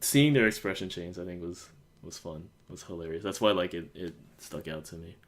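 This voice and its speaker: Low-voiced young American man rambling. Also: fairly quick. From United States. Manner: rambling, many fillers, acts out quotes. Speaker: podcast host. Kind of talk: casual chat.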